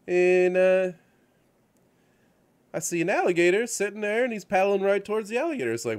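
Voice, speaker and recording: Man, casual chat host, rambling storyteller, animated, filler-heavy. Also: high-pitched, fairly quick, pauses often, clean tone. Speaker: show host. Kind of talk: casual chat about video games. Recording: radio-show studio setup.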